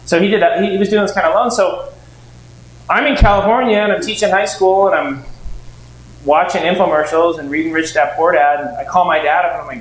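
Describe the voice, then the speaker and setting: High-voiced man telling stories in an echoey room. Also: brisk. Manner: animated, acts out dialogue in changed voices. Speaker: real estate investing trainer. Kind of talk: storytelling lecture to a live audience. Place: seminar room with audience. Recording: echoey room with faint background noise.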